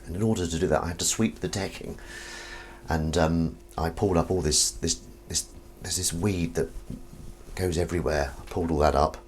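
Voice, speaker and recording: A man hosting a casual live stream, joking with his chat and swinging between loud greetings and mumbled asides. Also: sits low, fairly even intonation, normal speed, a little hiss or hum. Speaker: livestream host.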